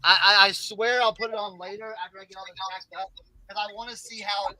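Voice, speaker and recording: A man chatting excitably on a panel of resellers, restarting and repeating words often. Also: sits high, fast talker, dry recording. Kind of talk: casual group chat.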